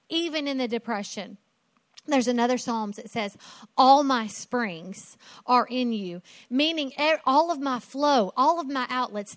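A woman's voice: high-pitched, a bit bright, dry recording. A woman preaching a sermon in an emphatic way, asking rhetorical questions and repeating phrases for effect.

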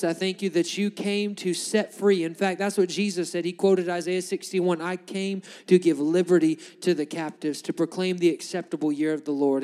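High-voiced pastor preaching. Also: male voice. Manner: impassioned, swinging from loud preaching to hushed pleading. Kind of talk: sermon. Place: church sanctuary.

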